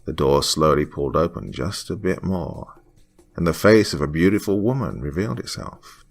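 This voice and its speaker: A man reading a first-person horror story in a hushed voice that drops to whispers. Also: a bass voice, animated, normal speed, vocal fry. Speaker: horror podcast narrator. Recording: faint music under the voice.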